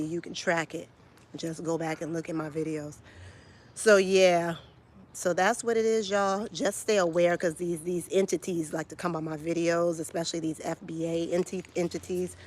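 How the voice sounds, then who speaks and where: A woman's voice: low-pitched, darkish tone. A woman, delivering a blunt, profane, confrontational rant straight to camera as a vlogger. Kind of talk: heated direct-to-camera rant.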